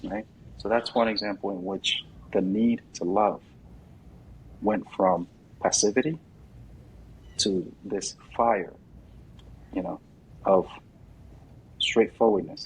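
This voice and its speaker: A man speaking as a guest in a casual interview, animated and quick to act out what others say. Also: on the low side, husky, poor audio. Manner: animated, acts out quoted voices loudly.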